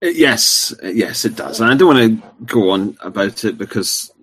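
A man hosting a podcast, talking in a measured, somewhat hesitant way. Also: on the low side, animated, fairly bright tone, breathy edge. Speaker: podcast host. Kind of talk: casual chat.

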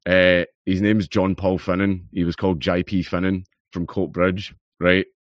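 A Scottish man in his thirties with a lowish voice tells anecdotes, swearing freely. The sound is dry and close. He talks in a loose, casual way. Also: little pitch movement, normal speed, no room sound. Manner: swearing storyteller. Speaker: podcast guest. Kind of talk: casual chat.

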